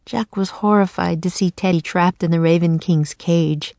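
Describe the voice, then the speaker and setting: A woman narrating a children's chapter book in a calm, measured storytelling manner. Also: on the low side, dry recording. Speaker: audiobook narrator. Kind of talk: scripted narration.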